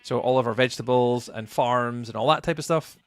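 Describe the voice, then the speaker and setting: A man's voice: mid-range voice, brisk, clean tone, dry recording. A Scottish man chatting casually through a live gameplay stream, greeting viewers by name as he talks. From Scotland. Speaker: livestreamer.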